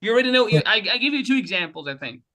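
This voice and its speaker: Man, online class teacher, bright tone, animated, repeats letters slowly, webcam. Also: high-pitched. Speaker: Quran recitation teacher.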